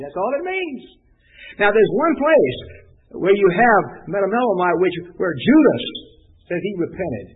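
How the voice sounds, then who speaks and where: A high-voiced male preacher delivers a conversational sermon, his pitch leaping up and down as he fires off rhetorical questions. His voice is slightly husky and emphatic. The recording is thin and tinny, like a phone line.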